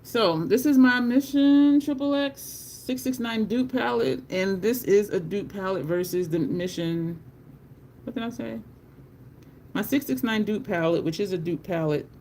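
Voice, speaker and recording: A chatty beauty live-streamer talks casually to viewers while swatching makeup and laughs often. The voice has a rough, gravelly edge, and a faint hiss sits under the recording. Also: medium pitch, normal speed, darkish tone.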